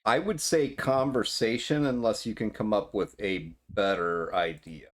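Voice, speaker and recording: A man with a fairly low voice runs a tabletop game as its game master. He stumbles and repeats words as he thinks. Now and then he growls out lines as gruff club bouncers. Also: a little slow.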